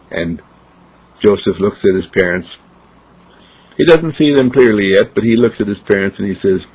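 A man telling a gentle, unhurried story. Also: on the low side, breathy edge. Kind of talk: spoken storytelling. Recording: dull lo-fi recording.

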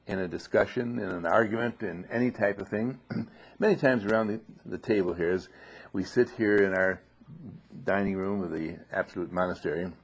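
A man giving an informal spoken teaching in a monastery dining room, often clearing his throat and asking rhetorical questions. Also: lowish voice. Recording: dull lo-fi recording.

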